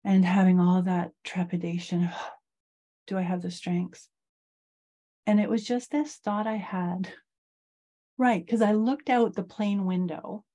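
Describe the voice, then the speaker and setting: A middle-aged woman, a guest in an interview, slowly and reflectively telling a personal story of loss. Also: medium pitch, dark tone.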